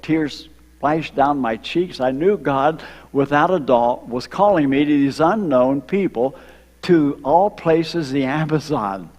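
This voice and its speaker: An older man from Ohio, a retired missionary, telling his story to a church congregation, slowing down for emphasis and drawing in the children. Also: medium pitch, a little mellow. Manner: storytelling, slows for emphasis, engages kids. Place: church sanctuary. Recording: long hall reverb.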